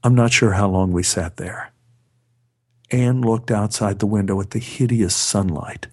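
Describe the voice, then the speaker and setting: A man's voice: lowish voice, steady tone, unhurried, darkish tone. A man narrating a personal story with a wry, dry humor. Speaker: storyteller, actor.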